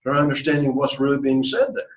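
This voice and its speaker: A man with a mid-range voice and level tone speaks fast while teaching a Greek class, explaining at length in a classroom lecture. He often checks in with "okay" and "all right." The recording has a dull, lo-fi sound with classroom echo.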